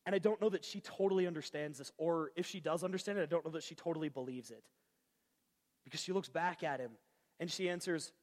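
Male pastor, relaxed conversational sermon delivery, slightly high voice, long hall echo. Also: fast talker. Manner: casual, conversational preaching with slang.

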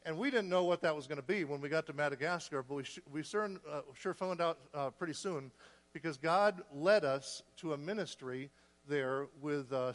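A man recounts his missionary journey in a folksy way, chuckling and acting out both sides of conversations. His voice sits a bit high. The sound carries the long reverb of a church hall. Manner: folksy, laughing, acts out dialogue. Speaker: missionary speaker. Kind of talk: storytelling missionary talk.

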